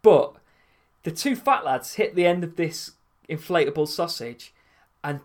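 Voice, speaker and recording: Animated man telling stories. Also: a little high, a little slow. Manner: animated storytelling, laughs often. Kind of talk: casual chat.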